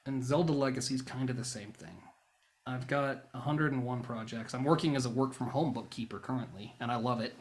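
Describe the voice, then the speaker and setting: Male YouTuber doing a rambling vlog monologue: wry, self-mocking rants that spike into loud outbursts. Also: mid-range voice, brisk. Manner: flares into loud bursts.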